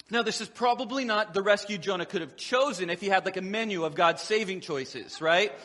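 Bright, high-voiced pastor preaching in a hall. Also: male voice, fairly quick, hardly any pauses. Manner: conversational preaching with humor and acted quotes. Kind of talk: sermon.

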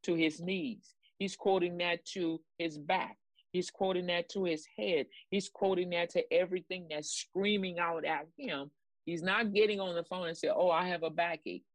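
With a lowish voice, a steady tone, and normal speed, this woman is recorded without room sound. She co-hosts a ministry broadcast, offering emphatic, repetitive preaching commentary and exclamatory praise that pushes listeners on.

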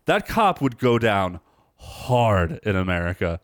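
A man's voice: fairly low pitch, a little slow, dry recording, studio quality. A man in his thirties co-hosting a casual horror movie podcast, laughing and swearing as he recounts scenes. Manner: laughing, swearing, animated storytelling. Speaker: podcast co-host. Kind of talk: casual movie review chat.

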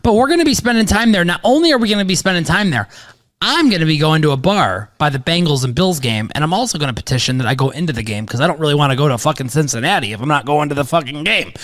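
Rambling, excitable man hosting a podcast. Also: on the high side, fast talker. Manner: rambling, excitable, swears casually, many "um"s. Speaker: podcast host, sports bettor. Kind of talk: casual podcast chat.

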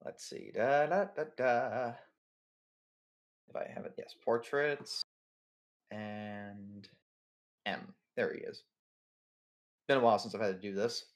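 A man's voice: lowish voice, steady tone, takes it slowly, long pauses. A man running a tabletop game as game master, describing scenes in a rambling way full of fillers.

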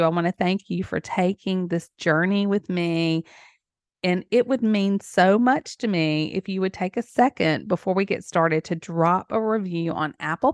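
A woman's voice: on the low side, dry recording, clean studio sound. A woman hosting a solo podcast, talking in an effusive, emotional way with small laughs. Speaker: podcast host.

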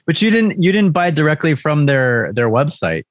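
A man's voice: on the high side, big pitch swings, normal speed, no room sound, clean studio sound. A man from Maryland with a neutral East Coast accent co-hosting a podcast, laughing often and restarting his sentences. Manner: laughs often, repeats starts. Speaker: podcast co-host. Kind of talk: casual chat.

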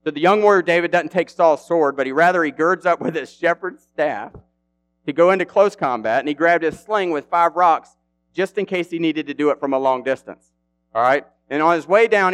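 A man preaching a casual, animated sermon in an easygoing, slang-filled way. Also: a little high.

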